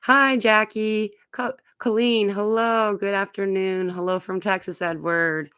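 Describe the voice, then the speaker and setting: A woman's voice: mid-range voice, steady tone, measured pace, fairly bright tone, smooth, no room sound, studio quality. A woman hosting a live online Q&A on spiritual topics, reading viewer comments aloud and talking in a rambling, casual way with many fillers.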